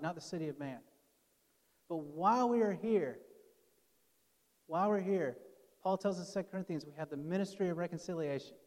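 A man's voice: sits high, darkish tone. A man preaching a conversational sermon as pastor, acting out the quoted speakers in his story. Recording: long hall reverb.

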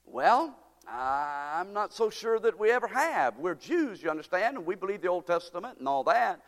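A man's voice: high-pitched, very animated, normal speed. A man voicing a friendly male tentmaker who talks in an easygoing, folksy way. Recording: long hall reverb.

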